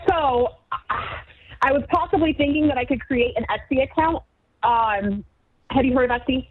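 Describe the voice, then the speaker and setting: A woman's voice: high-pitched, moderate pace, dry recording. A woman chatting casually on a phone call, hesitant, with many ums. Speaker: assistant on the call. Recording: tinny phone line with faint noise.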